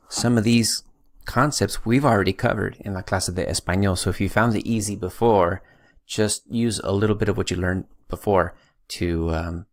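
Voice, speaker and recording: A man teaching a recorded Spanish grammar lesson, patiently drilling verb forms with slow, stressed repetitions. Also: deep voice, vocal fry. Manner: patient, drills conjugations slowly with emphasis.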